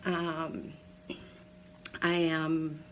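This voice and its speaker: A woman in her forties from Pennsylvania talks through her own story on a casual live video, candid and rambling with plenty of ums. Her voice sits a little low. A faint hum runs underneath. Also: little pitch movement, drawn-out words, poor audio. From Pennsylvania, USA. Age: 40s. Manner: chatty and candid, many ums, laughs at herself. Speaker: direct seller sharing her story.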